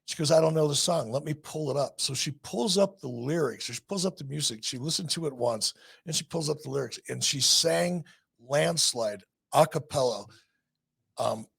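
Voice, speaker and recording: A man with a gravelly, rough-edged voice tells a story on his podcast. He talks loosely and warmly about a personal moment, with a husky grain under every phrase. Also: mid-range voice, moderate pace. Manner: sentimental, rambling anecdote. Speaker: podcast host. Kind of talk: casual storytelling.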